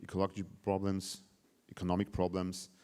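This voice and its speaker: A man's voice: low-pitched, monotone, brisk, darkish tone, clear, resonant tone. A man in his forties with an Austrian German accent gives an informal, direct public speech as a government official. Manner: informal and direct, with fillers like "you know" and "yeah". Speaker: government state secretary giving a speech.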